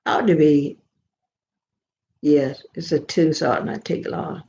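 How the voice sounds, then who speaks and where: A woman's voice: low-pitched, a little slow, creaky, dark tone. Older woman, rambling folksy chat. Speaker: vlogger. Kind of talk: casual chat to viewers. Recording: roomy, slightly dull sound.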